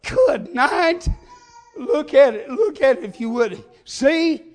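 A man preaching a sermon, telling folksy stories and rising into shouts. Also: extremely high pitch, big pitch swings, takes it slowly.

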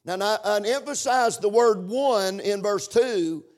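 A man's voice: high-pitched, unhurried. A man preaching a sermon in a chanting, sing-song cadence, breaking in with amens.

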